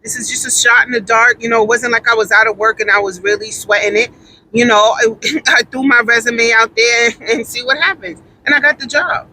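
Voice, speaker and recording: A woman's voice: a little high, fairly even intonation, brisk, bright, forceful tone, slight background noise, poor audio. A woman telling a story in a casual monologue, emphatic and repeating her points for stress.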